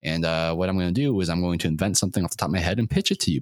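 A man's voice: low-pitched, steady tone, very fast, hardly any pauses, dry recording, clean studio sound. A man in his twenties hosting a solo comedy podcast, rambling erratically and mocking himself, with a throat sore from screaming. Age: 20s. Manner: erratic, self-mocking, swings into shouting and silly sing-song bits. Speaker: podcast host.

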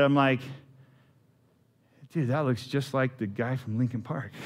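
A man, preaching a sermon in a casual, storytelling way with asides to the congregation. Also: on the high side. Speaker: pastor.

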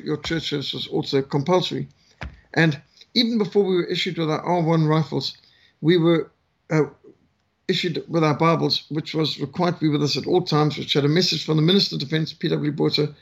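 A man's voice: fairly high pitch, vocal fry, breathy edge. A South African man in his sixties, a missionary speaker telling his life story in a conversational way, with frequent fillers. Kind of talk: testimony talk, storytelling.

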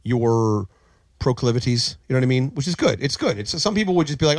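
A man hosting a casual podcast, quick with wry jokes and reactions. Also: mid-range voice, big pitch swings, no echo.

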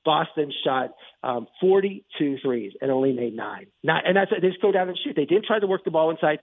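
A man with a high, gravelly voice talks through a game recap in an excited, rambling way, circling back and restarting his thoughts. His tone is husky, and the sound is thin and tinny like a phone line on the radio. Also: fairly quick, dry recording. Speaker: sports talk host. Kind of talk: casual sports commentary monologue.

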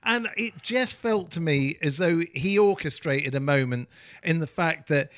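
A man hosts a casual podcast chat in a slightly higher than usual voice. He talks in animated bursts and jumps in over his co-hosts. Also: a little slow, no room sound, studio quality. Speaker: podcast host.

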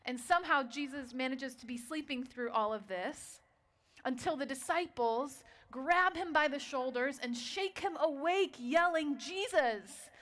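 A woman preaching a sermon, telling a story and dropping to a quiet voice for dramatic moments. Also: high-pitched, a little slow.

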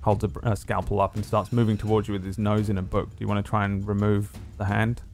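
A man's voice: lowish voice, completely flat delivery, quick pace, a little mellow, faint music behind. A man narrating as game master of a tabletop game, rambling and hesitant with many fillers.

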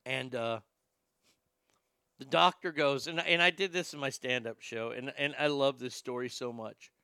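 A man telling a stand-up story, animated and profane, acting out the lines of the people in it. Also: medium pitch, moderate pace, clear, resonant tone, no echo, studio quality. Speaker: stand-up comedian.

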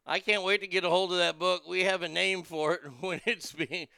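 A man's voice: high voice, steady tone, normal speed, vocal fry, bright, forceful tone, clear, resonant tone, dry recording. A man hosting a casual talk show who reads news items aloud and riffs on them, brash and profane, laughing at his own jokes. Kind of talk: casual political commentary.

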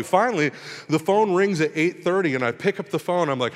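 A man preaching a sermon and telling a personal story, self-deprecating and getting animated when he retells it. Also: on the high side, a little fast. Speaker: pastor. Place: church hall. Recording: long hall reverb.

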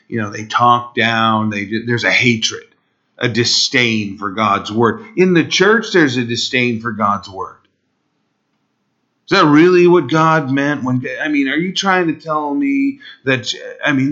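A man's voice: medium pitch, animated, a little slow, bright, forceful tone, lo-fi sound. A male pastor preaching an impassioned expository sermon, pleading and rising sharply for emphasis.

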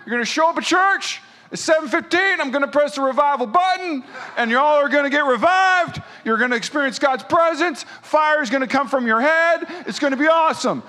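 A man putting on the voice of an over-hyped male preacher who schedules revival like an event, loud and mock-excited. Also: extremely high pitch, a little fast, hardly any pauses, in a large hall, pitched above the performer's own voice, full character voice.

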